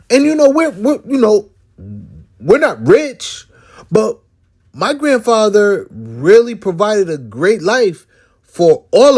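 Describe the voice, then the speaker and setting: High-voiced man telling a rambling story. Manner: rambling, with many restarts and "you know" fillers. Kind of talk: personal storytelling monologue.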